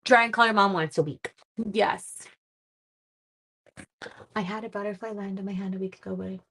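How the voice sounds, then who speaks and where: A middle-aged woman, chatting on a live stream while crafting, warm-hearted and getting teary. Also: mid-range voice, steady tone, moderate pace, a little hiss or hum. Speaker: livestream crafting host.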